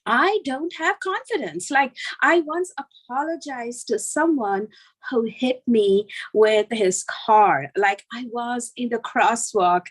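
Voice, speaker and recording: A middle-aged woman doing a self-deprecating stand-up set, telling animated stories with lots of fillers. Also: a little high, slow, poor audio. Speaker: stand-up comedian.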